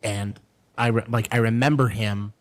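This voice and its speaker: A man's voice: fairly low pitch, normal speed. Rambling storytelling podcast host, man. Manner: rambling storyteller, animated quoted voices; drinks and chats over whiskey. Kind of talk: casual chat.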